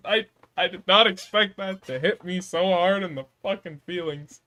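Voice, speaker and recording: A woman's voice: fairly low pitch, moderate pace, few pauses, pushed and bright. A woman streamer giving casual gameplay commentary, emotional, giggling and swearing.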